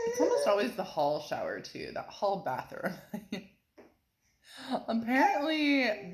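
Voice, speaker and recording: A woman talks to her viewers in a casual home vlog, chatty and animated, laughing between words. Her voice sits low. Steady background noise and small clicks run under the recording. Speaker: vlogger and physical therapist. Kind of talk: casual talking-to-camera vlog. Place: home kitchen, feeding a pet.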